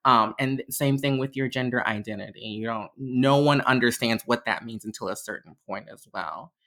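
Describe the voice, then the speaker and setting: A woman's voice: moderate pace, fairly bright tone. A young adult woman, a podcast guest and diversity educator, telling stories casually and animatedly, laughing often between phrases. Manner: acts out quotes in a much higher voice. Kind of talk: casual conversational storytelling.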